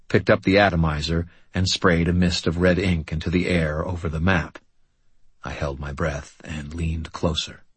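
A man reads a first-person audiobook in a steady, understated delivery. His voice sits very low and carries a husky grain. The sound is close and dry, with no room echo. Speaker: audiobook narrator.

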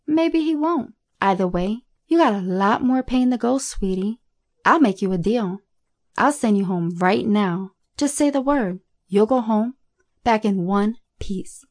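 A woman reading a horror story, voicing a cruel, scornful woman who taunts in a slow, mocking drawl. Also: medium pitch, a little mellow.

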